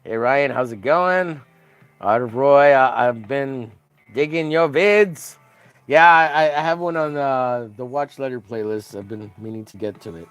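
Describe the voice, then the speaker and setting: A man's voice: medium pitch, measured pace, a bit bright, smooth, dry recording, faint music behind. A man hosting a casual drawing livestream, joking crudely and greeting viewers by name as he works. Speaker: livestream host.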